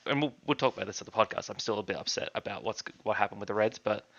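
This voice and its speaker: A man's voice: on the low side, very fast, fairly bright tone, highs cut off. A man from Australia co-hosting a casual fantasy draft chat, rambling and correcting himself as he picks. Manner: rambling, self-correcting, easily laughs at himself. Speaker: co-host.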